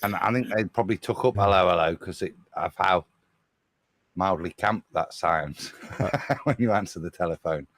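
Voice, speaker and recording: A man's voice: sits low, moderate pace. A man from the English Midlands, speaking with a Midlands accent that drops the H's, musing casually as a panel guest. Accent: English Midlands, drops his H's. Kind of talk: casual online panel chat.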